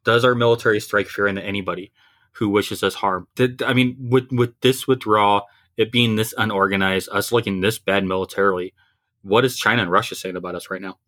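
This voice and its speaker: A man's voice: on the low side, fairly even intonation, fairly quick, fairly bright tone. A man co-hosting a casual podcast, wry and joking, sometimes laughing as he talks. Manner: wry, laughs through his jokes. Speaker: podcast co-host. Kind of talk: casual chat.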